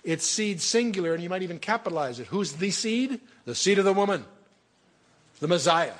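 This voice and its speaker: A man's voice: high-pitched, expressive, brisk. A man teaching a verse-by-verse Bible study, reading scripture aloud and breaking off to explain it with asides and restarts.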